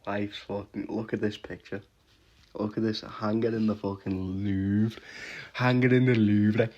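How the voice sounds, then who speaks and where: A man giving a casual, swear-heavy reaction rant about fights, with frequent laughs and quick restarts. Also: on the low side, level tone, a little mellow, highs cut off. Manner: swears constantly, laughs often, rants with restarts. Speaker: MMA reaction vlogger.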